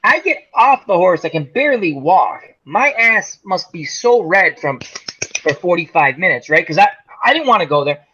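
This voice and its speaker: A man's voice: sits high, sing-song, moderate pace, pushed and bright, muffled recording, a little hiss or hum. A man telling a long, funny story in a casual chat, acting out quotes and swearing freely. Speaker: podcast co-host telling a story.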